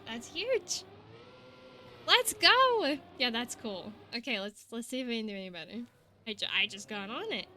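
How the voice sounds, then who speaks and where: A young woman streaming a game, chatting excitably with her viewers and laughing often. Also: on the high side, a little hiss or hum. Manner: excitable, giggly, chatty with chat. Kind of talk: casual gaming live-stream chat.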